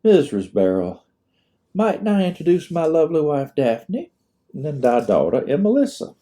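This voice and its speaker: A man plays a polite young lieutenant speaking with old-fashioned formality. His dark, mellow voice rises and falls widely. This is a storybook reading. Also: fairly high pitch, wildly swooping pitch, moderate pace, voice pushed up. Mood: courteous. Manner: formal and courteous.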